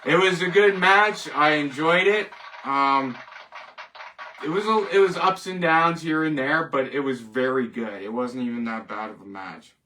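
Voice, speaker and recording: A man's voice: on the high side, a little slow, pushed and bright, recorded from a distance, a little hiss or hum. A man hosting a casual solo show, rambling, joking and laughing at his own jokes. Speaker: host. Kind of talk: casual solo wrestling commentary.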